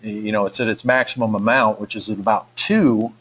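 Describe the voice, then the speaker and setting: Casual low-voiced man demoing software. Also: steady tone, fairly quick, slightly rough, poor audio. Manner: casual, thinks aloud with many fillers. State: out of breath. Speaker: webinar presenter. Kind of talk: live technical demo.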